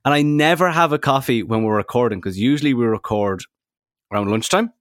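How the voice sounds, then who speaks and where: A man co-hosting a podcast, telling stories in chatty, animated casual talk. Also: mid-range voice, a little fast, no room sound, clean studio sound. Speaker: podcast co-host.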